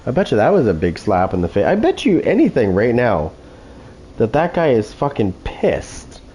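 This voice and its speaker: A man's voice: mid-range voice, big pitch swings, moderate pace, warm tone, a little hiss or hum, rough recording. A man hosting gameplay commentary, taunting opponents with constant profane trash talk. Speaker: gaming channel host.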